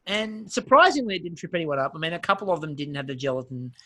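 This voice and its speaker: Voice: mid-range voice, quick pace, no echo. A podcast co-host, chatting casually and jokingly retelling scenes from a baking show. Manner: animated, jokey, retells scenes in quoted voices. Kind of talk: casual chat.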